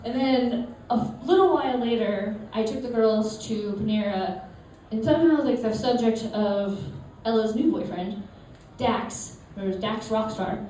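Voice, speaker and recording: A woman in her thirties from suburban Massachusetts tells anecdotes casually on stage at a live show, chatty and laughing often. Her voice is a little high, mellow, and unhurried. The mic is far away in an echoey room, with slight background noise.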